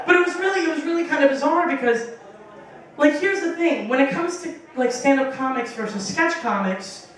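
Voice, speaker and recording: A woman's voice: high voice, fairly quick. A young woman doing a stand-up comedy set on a small bar stage, rambling and profane with lots of fillers, acting out other people's lines. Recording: echoey bar room from a distance.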